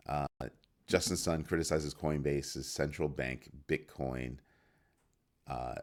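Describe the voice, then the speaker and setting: A very deep, darkish male voice carries a casual solo crypto news show recorded at a computer in a home studio. He peppers his talk with rhetorical questions and frequently restarts what he's saying.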